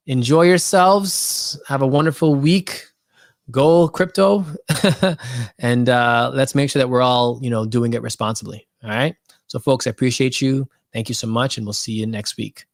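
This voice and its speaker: A man's voice: medium pitch, dry recording, studio quality. A man hosting a podcast livestream, chatting casually and thanking viewers, with many fillers and restarts. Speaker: podcast host.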